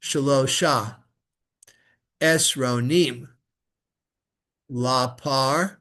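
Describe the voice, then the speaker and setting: A man's voice: mid-range voice, pushed and bright. A man teaching a student to chant Hebrew scripture, patiently modeling each word for her to repeat. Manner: patient, slow, models words for repetition. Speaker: rabbi teaching Torah reading. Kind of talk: one-on-one lesson on chanting.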